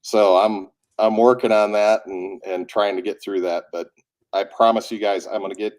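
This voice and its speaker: This is an audiobook narrator in casual conversation, a man with a somewhat low voice who has a cold. He tells his stories with energy and slips into the voices of the people he quotes. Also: moderate pace. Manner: animated storyteller who acts out quotes. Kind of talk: casual chat.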